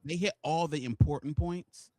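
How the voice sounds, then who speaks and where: A man's voice: fairly high pitch, normal speed, dark tone, dry recording. A man co-hosting a podcast, laid-back and slangy in casual chat. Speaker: podcast co-host.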